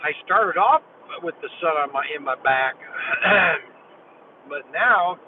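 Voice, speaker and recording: A man's voice: fairly high pitch, animated, slow pace. A tired man mumbling and rambling while hosting a casual livestream, talking from inside a moving vehicle. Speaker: livestream host. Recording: tinny distant mic with loud vehicle noise.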